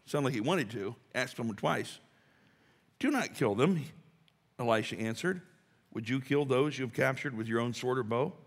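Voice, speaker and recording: A pastor delivering a sermon in a conversational way, building to emphatic rhetorical questions. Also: male voice, mid-range voice, fairly quick. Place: church sanctuary. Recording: long hall reverb.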